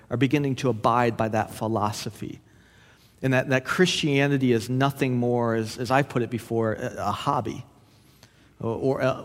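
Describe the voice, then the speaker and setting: A male pastor delivers an earnest sermon, often restarting and repeating words as he goes. His voice sits at an ordinary middle pitch. The sound rings with the long reverb of a church hall. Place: church sanctuary.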